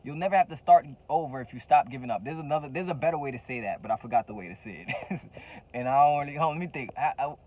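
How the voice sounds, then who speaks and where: Man, motivational vlog host; higher pitch, fervent and repetitive, casual slang, slightly muffled lo-fi recording. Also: animated, quick pace. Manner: fervent, repeats key phrases, casual slang. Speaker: entrepreneur coach and channel host. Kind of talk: motivational direct-to-camera talk.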